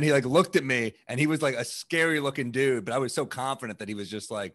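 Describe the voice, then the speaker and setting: A man in casual bar talk, spinning stories with lots of swearing. His voice sits at an ordinary middle pitch, and he jumps up loud and high whenever he acts out what someone said. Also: quick pace, no echo, clean studio sound. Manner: animated storyteller, acts out quotes loudly, swears freely. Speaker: comedian guest. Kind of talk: casual bar chat, storytelling. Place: bar, drinking on camera.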